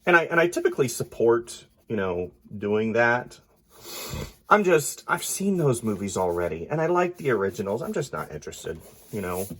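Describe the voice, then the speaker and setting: A man's voice: medium pitch, big pitch swings, moderate pace. Congested man mumbling through a sketch. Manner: thinks aloud while drawing, often trailing into quiet mumbles. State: congested, stuffy nose. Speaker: artist. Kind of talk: casual drawing commentary.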